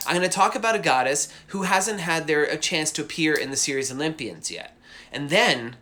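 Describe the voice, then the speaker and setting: A man's voice: fairly high pitch, fairly quick, pushed and bright. A man casually chatting on a live drawing stream from home, rambling and enthusiastic with lots of asides. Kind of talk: casual livestream chat.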